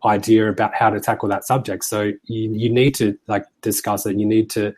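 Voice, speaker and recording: A man's voice: on the low side, flat delivery, brisk, a little mellow. A man in a casual discussion, speaking hesitantly and searching for his words.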